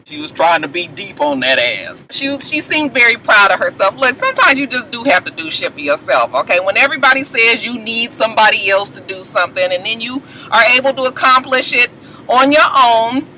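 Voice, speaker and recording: A woman's voice: on the high side, lively intonation, a little fast, pushed and bright, slight background noise, rough recording. A woman in a sassy, gossipy, casual recap of a reality show, often adding "okay?". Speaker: TV recap vlogger.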